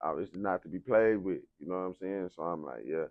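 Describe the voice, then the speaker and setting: A man's voice: sits low, fairly quick, dry recording, narrow, tinny audio. A young man from San Antonio, Texas, telling his life story in a casual interview, heavy on slang and "you know what I'm saying". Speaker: interview guest, rapper.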